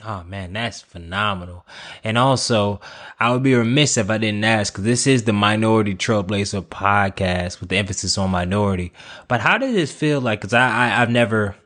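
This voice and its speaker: A man's voice: on the low side, normal speed, a bit bright. A man hosting a podcast interview in a playful, easy-laughing casual way. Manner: playful, laughs easily, loose casual phrasing. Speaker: podcast host.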